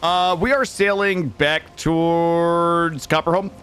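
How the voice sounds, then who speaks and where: A man's voice: fairly high pitch, slow pace, clear, resonant tone, soft background music. A man streaming a game, chatting casually with viewers, rambling and swearing as he tells stories and greets chat by name. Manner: rambling, animated storytelling, swears freely; greets chat members by name while playing.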